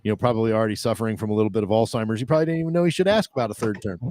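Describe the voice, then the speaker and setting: A man's voice: lowish voice, rapid-fire, slight background noise. Joking American man in casual chat. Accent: Midwestern American. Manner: chatty, joking, animated. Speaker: podcast co-host, travel agent.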